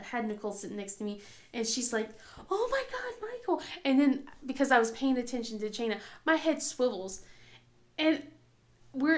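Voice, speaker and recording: A woman in her thirties chatting casually as a crafting channel host, rambling through a story with many fillers and a cough now and then. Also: fairly high pitch. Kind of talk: casual chat. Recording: echoey room.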